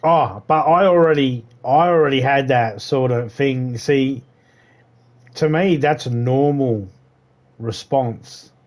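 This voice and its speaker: This middle-aged gamer has a mid-range, slightly mellow voice. While streaming, he talks casually, swears a lot, and drifts into rambling, profane stories.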